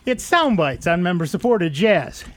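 In a radio studio, a man with a high, very animated voice hosts a call-in computer show at a moderate pace, picked up by a studio microphone. He gives tech advice casually, rambling and chatting as he walks callers through each step.

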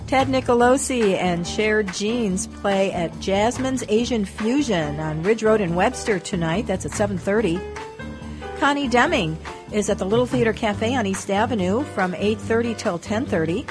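A woman with a mid-range voice reads station announcements and event listings from a script. Her delivery is steady and clear. Music plays clearly underneath her. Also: medium pitch, normal speed. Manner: even, clear reading of listings. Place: radio studio.

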